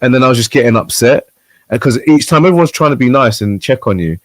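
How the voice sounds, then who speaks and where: A man's voice: medium pitch, expressive, fast talker, no room sound. A man, a guest on a chat show, telling a story animatedly and acting out the voices of the people in it. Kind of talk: casual chat.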